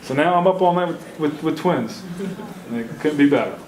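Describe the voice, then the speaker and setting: A man's voice: fairly high pitch, moderate pace. A man in his forties giving a candid, anecdotal lecture to students as a guest speaker, talking openly about his feelings. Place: university lecture room. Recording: roomy hall with faint background hiss.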